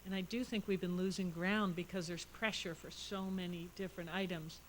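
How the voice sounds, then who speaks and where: A woman serving as a state senator on a panel, answering in an animated, anecdotal way. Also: fairly low pitch, a little fast, slight background noise, rough recording. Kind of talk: panel discussion.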